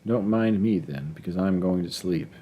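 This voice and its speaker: A man's voice: sits low, normal speed, lo-fi sound, slight background noise, natural voice. A man reading aloud, voicing a cool, sweetly mocking wealthy wife in an audiobook story.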